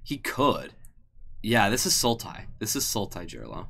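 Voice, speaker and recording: A man with a fairly low voice talks through a card game in a relaxed, offhand way. His pitch swings widely as he speaks. A faint hiss of noise sits under the recording. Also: unhurried, vocal fry. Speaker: stream commentator. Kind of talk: casual game commentary.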